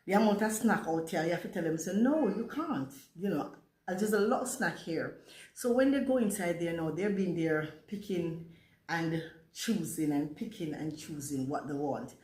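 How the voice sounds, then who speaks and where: A woman's voice: on the low side, normal speed, darkish tone. A woman in her forties with a Jamaican accent tinged with British, telling a rambling storytime monologue and mixing patois into her English. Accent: Jamaican, mixed with British. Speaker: vlogger. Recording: roomy echo.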